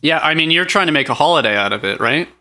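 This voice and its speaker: A man's voice: fairly high pitch, expressive, quick pace, bright, forceful tone. A man playing the straight man in improvised comedy, asking dry, probing questions.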